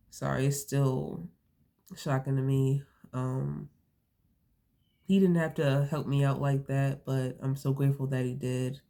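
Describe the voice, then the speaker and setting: A woman's voice: extremely low pitch, flat delivery, slow, creaky, long pauses, warm tone. A young woman vlogging casually to her viewers, rambling with lots of fillers and restarts, a bit sniffly from allergies. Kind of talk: casual storytelling to camera.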